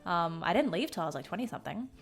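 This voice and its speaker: Excitable american gm lady, light southern twang, laughs a lot, soft music under her. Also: on the low side, rapid-fire. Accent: light general Southern American. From Southern United States. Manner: bubbly, excitable, laughs often. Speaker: game master and stream host. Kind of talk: casual stream chat.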